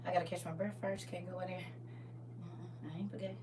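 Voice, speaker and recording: A woman pastor talking casually on a live stream about faith, swinging from loud exclamations to hushed asides. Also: fairly low pitch, flat delivery, fast, recorded from a distance, noisy background.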